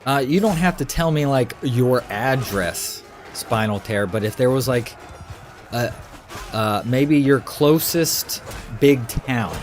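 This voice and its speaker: A man's voice: medium pitch, slow pace, soft background music. An American man streaming a game, chatting casually and rambling with his live viewers. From United States. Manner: rambling, easygoing, chatty with many fillers. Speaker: gaming streamer. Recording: steady background noise.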